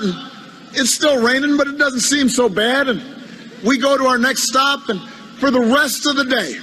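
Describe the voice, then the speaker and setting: A politician delivers a humorous anecdote in a high, bright voice. He speaks haltingly and doubles up words as he goes. His tone stays wry throughout. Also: slight background noise, rough recording. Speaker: politician giving a speech.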